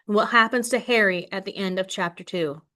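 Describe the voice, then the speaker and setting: A woman teacher reading a novel aloud to her class in an expressive way, then setting questions for the class. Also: mid-range voice, moderate pace. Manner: expressive read-aloud, voicing quoted lines with more force.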